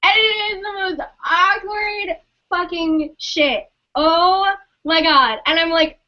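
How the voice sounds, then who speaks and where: Young woman streamer, high bright voice, animated storyteller who acts out dialogue, swears a lot; lo-fi mic. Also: takes it slowly. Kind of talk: casual storytelling. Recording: dull lo-fi sound.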